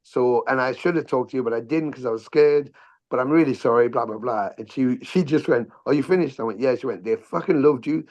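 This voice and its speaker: Middle-aged man, guest on a chat podcast: lively, profane storyteller who acts out the quotes. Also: medium pitch, fairly quick. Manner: animated storyteller, swears freely, acts out quotes. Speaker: podcast guest, musician and actor. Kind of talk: casual storytelling interview.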